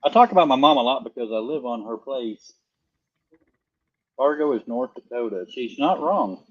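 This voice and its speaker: A man's voice: medium pitch, lively intonation, moderate pace, breathy edge, highs cut off. A middle-aged man co-hosting a live stream, chatting in a goofy, joking, rambling way. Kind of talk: casual live-stream chat.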